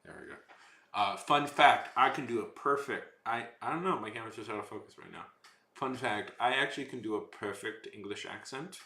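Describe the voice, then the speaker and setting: Casting: young man with a lowish voice, rambling casual streamer, echoey room. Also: fairly quick, sharp tone. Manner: rambling, lots of fillers and trailing off. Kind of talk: casual chat while drawing on stream.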